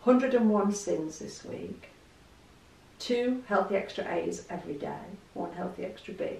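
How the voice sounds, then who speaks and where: English woman vlogger, gravelly voice, roomy echo, mic set back, chatty storyteller. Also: medium pitch, expressive, a little slow, darkish tone, far from the mic. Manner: chatty, storytelling, laughs easily. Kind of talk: casual chat to camera.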